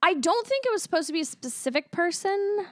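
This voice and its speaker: A woman co-hosting a casual movie review podcast, telling stories with animated quoted reactions and free swearing. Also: very high voice, fairly quick, no echo, studio quality. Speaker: podcast co-host.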